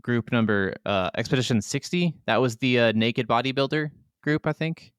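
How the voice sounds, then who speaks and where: A man's voice: medium pitch, clean tone, dry recording, studio quality. A man co-hosting a gaming podcast, chatty and casual, filling his talk with "like". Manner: chatty, lots of "like", quick agreeing interjections. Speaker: podcast co-host.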